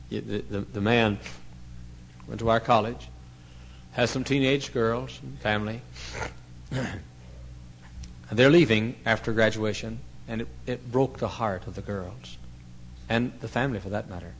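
A male pastor telling a story in a sermon, swinging from hushed to loud. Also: lowish voice, slight background noise, poor audio.

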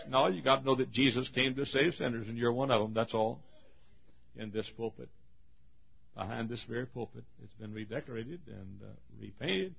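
Man, preacher, husky voice, dramatic rhythmic sermon, dull lo-fi pulpit recording. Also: a little fast. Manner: dramatic, swinging from ringing shouts to hushed low tones; repetitive rhythmic preaching with chuckles. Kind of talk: evangelistic sermon. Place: church pulpit.

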